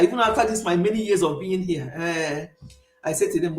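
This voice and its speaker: A woman's voice: lowish voice, brisk. Middle-aged Nigerian woman with an Igbo accent, emphatic, chatty host, echoey room. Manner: chatty, emphatic, laughs often. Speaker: livestream host. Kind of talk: casual chat with live viewers. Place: home in the UK.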